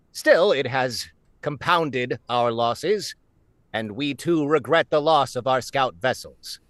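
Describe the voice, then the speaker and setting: A man's voice: mid-range voice, a bit bright, no room sound. A man voicing a formal male alien admiral in a game, speaking in a stiff, stately way.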